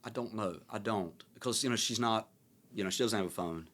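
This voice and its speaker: A man in his thirties with a Southern American accent, speaking in a fairly low voice. He hosts a podcast conversation and muses reflectively, winding through his thoughts with plenty of fillers. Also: fairly quick, fairly bright tone. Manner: reflective, rambling, many fillers. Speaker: podcast host. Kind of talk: casual conversation.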